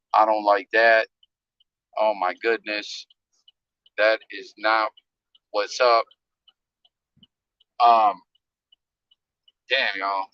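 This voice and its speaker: Slangy low-voiced guy rambling on a live stream from his car, dry close sound, kinda muffled. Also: sharp tone, no echo. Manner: laid-back, rambling, slangy. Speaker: livestream host. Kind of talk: casual live chat. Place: in a car on the highway. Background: wind.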